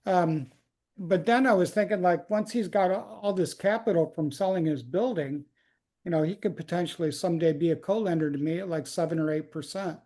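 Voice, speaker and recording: A man's voice: high-pitched, fairly quick, warm tone. A man hosting an online roundtable, talking in a loose, chatty way with plenty of fillers. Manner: loose, chatty, lots of likes and ums. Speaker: host. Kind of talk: casual webinar talk.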